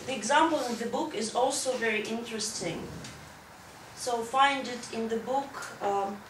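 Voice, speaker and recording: A woman with a slightly high, fairly bright voice teaches an English grammar lesson at a moderate pace, going step by step and asking the class "right?" to check in. She's in a school classroom, recorded from a distance with echo and background noise.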